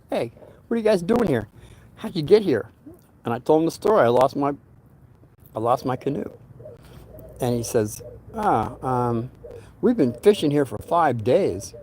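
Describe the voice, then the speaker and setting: A man's voice: medium pitch, a little mellow. An older man casually telling a personal story, rambling and often repeating words as he searches for them.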